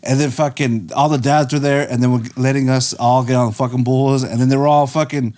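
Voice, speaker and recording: A man's voice: mid-range voice, a little fast. A man in his twenties chatting casually as a podcast guest, telling stories with lots of swearing and laughter. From Mexico. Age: 20s. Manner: laughing, profane, animated storytelling. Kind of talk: casual chat.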